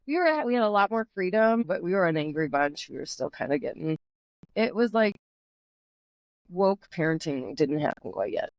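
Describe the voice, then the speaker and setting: A woman's voice: on the low side, sing-song, normal speed, no echo. A middle-aged woman hosting a podcast, chatting casually and ranting bluntly with strong opinions. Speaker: podcast host. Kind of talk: casual chat.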